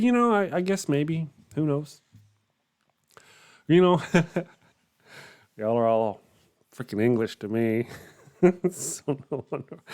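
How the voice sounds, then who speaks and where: A man with a smooth, mid-range voice runs a morning livestream. Responding to viewer comments, he chats casually and rambles, often chuckling before trailing off.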